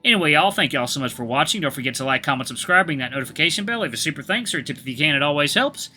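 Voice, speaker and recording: An upbeat man narrating a story game for his channel. His voice is bright and a little high. Faint music plays behind. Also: animated, very fast. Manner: upbeat, enthusiastic. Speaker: gaming YouTuber. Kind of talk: let's play reading.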